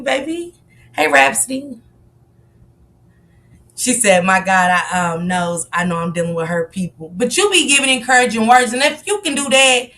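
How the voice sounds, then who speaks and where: A woman's voice: on the high side, pushed and bright. A woman hosting a live stream in casual chat, speaking candidly and confessionally, swearing freely as she greets and answers her viewers. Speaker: livestream host.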